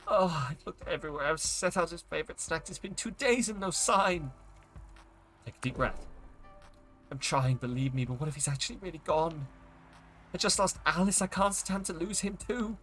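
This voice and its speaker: A man's voice: a little high, normal speed, a bit bright, soft background music, voice pushed up, natural voice. A man reading as a distressed young witch. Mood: anxious. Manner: anxious, pleading, brittle. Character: distressed young witch searching for lost raven.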